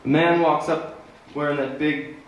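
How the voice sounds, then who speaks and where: A singer-songwriter from Manitoba, Canada, tells a story between songs on a live theater stage, his humor laid-back and deadpan. His voice is fairly high and his pace measured, recorded from far off in an echoey theater with faint guitar.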